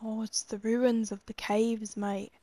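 A woman's voice: fairly high pitch, level tone, a little slow, mellow, dry recording. A woman streamer giving casual gameplay commentary, chatty, profane and teasing, laughing often.

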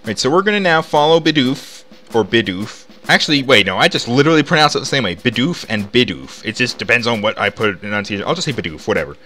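A man talks through a video game in loose, rambling commentary full of fillers. His voice swings up and down a lot and has a bright edge. Game music plays faintly underneath. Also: mid-range voice, expressive, very fast, few pauses. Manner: rambling, chatty, lots of "like" fillers. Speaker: let's play host. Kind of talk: casual gameplay commentary.

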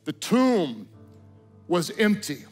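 A man preaching a sermon, swinging between loud emphatic declarations and hushed, intimate tones. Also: high voice, sing-song, very slow, soft background music. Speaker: pastor.

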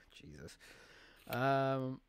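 A man's voice: mid-range voice, animated, very slow, smooth. A man chatting while streaming a game, rambling, swearing and laughing often as he thanks viewers. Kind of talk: live gameplay stream chat.

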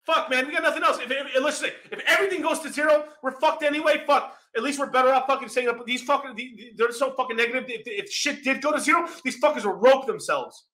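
A young man hosting a crypto channel, ranting heatedly and swearing constantly, often breaking into shouts. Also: extremely high pitch, fast talker, few pauses. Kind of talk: profane ranting monologue.

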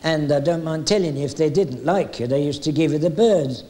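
An older man from England, a retired music hall entertainer, reminisces in anecdotal stories told in a chatty, jokey manner. His voice is mellow, on the high side, and fairly quick, with hesitant fillers now and then.

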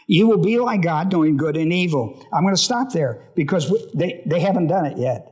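A male pastor teaches from scripture in a slightly high voice. He reads a few verses, then stops to ask his listeners questions before he reads on. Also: expressive, fairly quick, a little mellow, slightly rough. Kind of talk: Bible study sermon.

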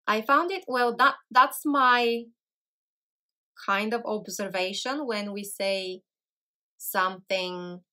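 A woman's voice: medium pitch, slow pace, sharp tone. A woman from Bulgaria, a native Bulgarian speaker talking in English with a Bulgarian accent, chatting casually to camera and often searching for words and correcting herself. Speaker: language channel host.

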